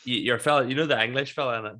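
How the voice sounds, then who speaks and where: A man's voice: medium pitch, very fast, pushed and bright, a little hiss or hum. A man hosting a podcast, chatty, laughing often and swearing casually. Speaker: podcast host. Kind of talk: casual chat.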